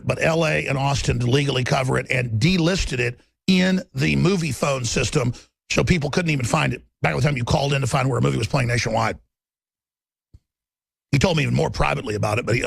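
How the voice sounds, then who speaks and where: A man's voice: mid-range voice, creaky, slightly rough, dry recording. A man hosting a talk radio show, delivering a combative, emphatic monologue.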